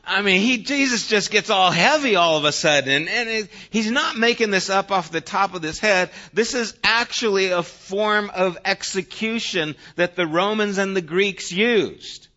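A middle-aged man preaching a conversational sermon as a pastor, swinging from loud emphasis to hushed asides. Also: high-pitched, moderate pace, few pauses, muffled recording.

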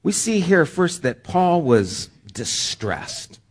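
A man's voice: a little high, very animated, slow pace, slightly rough. A man preaching a sermon as pastor, talking in a conversational way with joking asides.

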